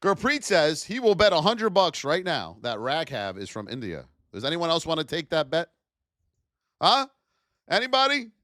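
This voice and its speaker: A man streams live market commentary, reading out price levels in an energetic, playful way and teasing his viewers. His voice sits fairly high and rises and falls a lot. The sound is dry and close. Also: moderate pace, no echo. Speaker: trading educator streaming live.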